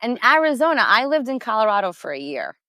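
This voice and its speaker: A woman's voice: on the high side, fast, dry recording, studio quality. A woman from Queens, chatting as a guest in an interview over a video call. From Queens, New York City. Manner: chatty, lively storyteller with fillers. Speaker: company executive guest. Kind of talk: casual interview chat.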